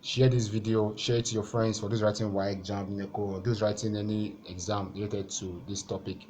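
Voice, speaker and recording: A man's voice: lowish voice, little pitch movement, brisk, darkish tone, slight background noise. A man, tutoring for exams and walking through questions on screen, repeating each rule step by step. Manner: methodical, repeats key points step by step. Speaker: exam-prep tutor. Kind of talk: explaining over on-screen exam questions.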